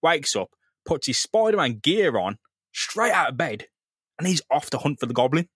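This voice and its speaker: A man's voice: on the high side, sing-song, normal speed, a bit bright, husky, no room sound, clean studio sound. A man, a podcast co-host retelling a comic in casual, sweary banter and acting out the characters' lines. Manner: loose, sweary storytelling that acts out characters' lines. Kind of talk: casual comic chat recapping a comic.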